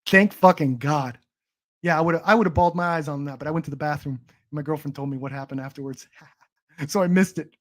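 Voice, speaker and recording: A young man talks on his livestream in a slightly high voice. He rambles, restarts his sentences and swears as he chats casually about movies. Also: fairly quick, fairly bright tone. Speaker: stream host.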